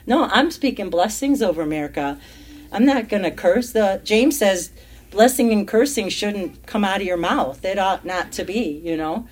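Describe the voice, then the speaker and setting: This woman leads a friendly Bible study at a middling pitch. She talks casually, then leans in hard when she reads a verse, repeating key lines for weight. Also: lively intonation, normal speed. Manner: emphatic, rising and louder when reading verses aloud.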